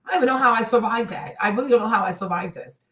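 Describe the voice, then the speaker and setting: A woman's voice: on the high side, very fast, a bit bright. A woman hosting a reaction livestream, effusive and laughing often, talking straight to her viewers as "y'all". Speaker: commentary host. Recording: echoey room, distant from the mic.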